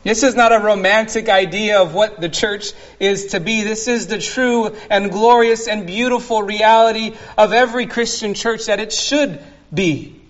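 A man preaching an expository sermon as pastor, slow and earnest, dwelling on single words. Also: high voice, muffled recording.

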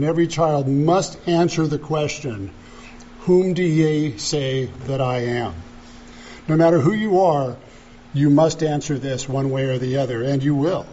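A man preaching a sermon as pastor, deliberate and emphatic, repeating key phrases. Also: fairly high pitch, mellow, muffled recording, slight background noise.

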